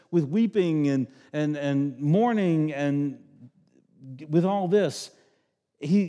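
A man's voice: on the high side, dark tone, long reverb tail. A middle-aged man preaching a sermon as pastor, in a conversational, joking way, acting out voices.

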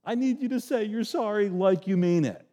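A sulky, whiny God put on by a preacher pouts over his hurt feelings. The voice is pitched high and drawn out slowly. A long reverb trails behind every word, as in a big church. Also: mellow, close to an everyday voice.

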